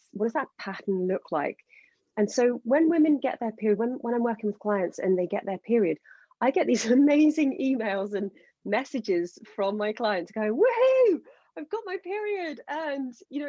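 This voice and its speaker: A woman speaks with passion as a fertility coach on a podcast. Her voice is warm and mellow, and the sound is dry and close. The recording is a little dull and lo-fi. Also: medium pitch, no echo. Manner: passionate, enthusiastic explaining. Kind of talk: podcast interview.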